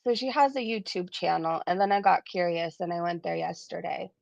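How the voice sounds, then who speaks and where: A woman's voice: lowish voice, brisk, gravelly, darkish tone, no echo. Woman streamer, Californian Valley accent, gossipy casual talker, lo-fi dry audio. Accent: Californian, Valley girl. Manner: chatty, says "like" a lot. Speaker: live stream host. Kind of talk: casual chat.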